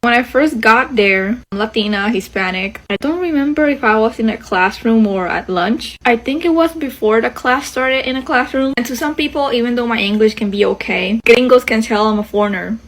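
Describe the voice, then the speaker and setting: A woman's voice: on the high side, a little fast, few pauses, fairly bright tone, low-quality recording. A woman from Puerto Rico with a Puerto Rican Spanish accent, telling a story to camera in English, her second language. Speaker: social media storyteller. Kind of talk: casual anecdote to camera.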